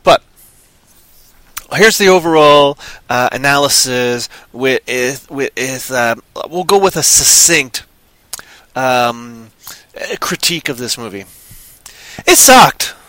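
A man's voice: mid-range voice, animated, takes it slowly, long pauses, pushed and bright, no echo. A man ranting sarcastically in casual chat about a movie he disliked. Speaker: movie reviewer.

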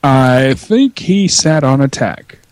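A man's voice: medium pitch, animated, slow pace, a little mellow, no room sound. A man co-hosting a casual podcast, dropping short dry teasing remarks. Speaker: podcast co-host.

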